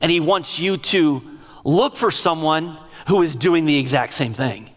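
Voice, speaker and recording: Middle-aged pastor preaching in a reverberant hall. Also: male voice, fairly high pitch, measured pace. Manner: emotional, animated storytelling. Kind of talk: sermon. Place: large church sanctuary. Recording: long reverb of a large hall.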